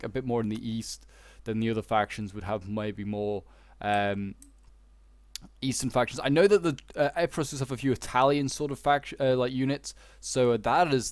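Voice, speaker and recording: A man's voice: medium pitch, darkish tone, clear, resonant tone, no echo. A young man with a Yorkshire accent giving casual, rambling gameplay commentary, full of fillers and restarts. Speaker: gaming YouTuber.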